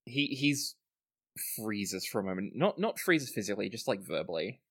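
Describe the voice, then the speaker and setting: A man narrating a tabletop game and voicing his characters, with a halting, hesitant delivery. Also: fairly low pitch, big pitch swings, fairly bright tone, breathy edge. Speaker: game master.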